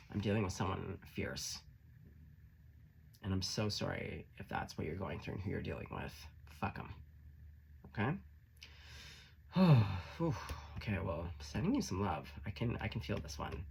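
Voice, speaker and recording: Reading tarot in a casual, foul-mouthed but upbeat way, a man with a lowish, gravelly voice and a breathy edge guides the listener through the cards. He's frank, teasing, and supportive throughout.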